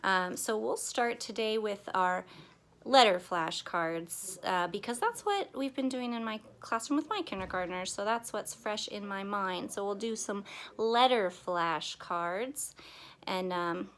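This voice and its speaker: A young woman who teaches little children talks slowly and with care. Her voice sits at a middle pitch. She is playful and gentle, breaking into small songs and make-believe with her class. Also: animated. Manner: slow, gentle and playful, sings and acts out the class. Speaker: pre-K teacher. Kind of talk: children's lesson video.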